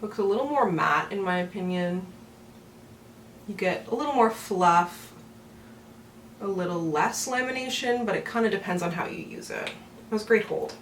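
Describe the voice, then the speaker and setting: A woman's voice: on the low side, big pitch swings, moderate pace, vocal fry, long pauses, recorded from a distance. Chatty woman doing her makeup, roomy echo. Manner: chatty, giggly, rambling with fillers. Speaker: beauty vlogger. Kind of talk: get-ready-with-me makeup chat. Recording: roomy echo, from off the mic, faint room hum.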